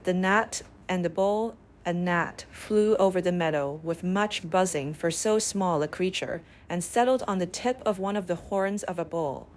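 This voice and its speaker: Woman, bedtime story narrator, calm, measured, lowish voice, fable reading.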